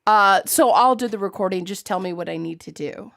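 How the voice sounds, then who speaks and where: A woman hosting a casual fan podcast, giggly and lively, stepping in to steer the talk. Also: mid-range voice, fairly quick, vocal fry. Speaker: podcast host.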